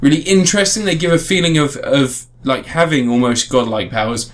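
A man's voice: medium pitch, brisk. A man in casual podcast chat, reviewing a game in a rambling way with frequent restarts. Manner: rambling, restarts often, animated emphasis.

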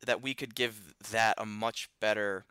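A man's voice: fairly low pitch, steady tone, a little slow, sharp tone, clear, resonant tone, no room sound. A man hosting a podcast interview, enthusiastic and loose, often restarting his sentences. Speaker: podcast host. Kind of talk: casual interview.

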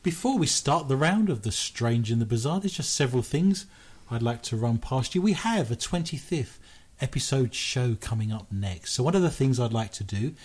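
A man's voice: medium pitch, animated, moderate pace, a little mellow, husky. A British man hosting a paranormal news radio show, joking and making fun of himself as he talks. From Britain. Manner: playful, jokey, self-mocking.

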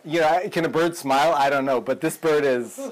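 A man telling a long shaggy-dog joke, stopping and restarting and chuckling as he builds it. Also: a little high. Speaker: joke teller.

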